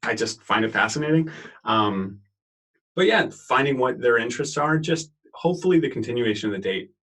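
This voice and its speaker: Man, interview guest, easygoing, husky, slightly distant mic. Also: medium pitch, brisk. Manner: relaxed, easygoing, hesitant fillers. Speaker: guest, home cook. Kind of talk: casual interview chat.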